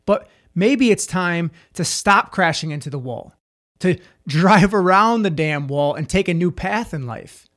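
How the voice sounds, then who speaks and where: Casting: male podcast guest, fairly high voice, intense, emphatic, profane storyteller. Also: expressive, measured pace, fairly bright tone. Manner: intense, swears freely, emphatic repetition. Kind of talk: candid storytelling.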